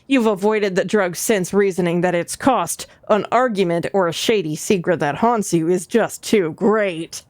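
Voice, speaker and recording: A woman streamer reading a narrative game aloud on a live stream, breaking in with quick asides. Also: on the low side, darkish tone, dry recording.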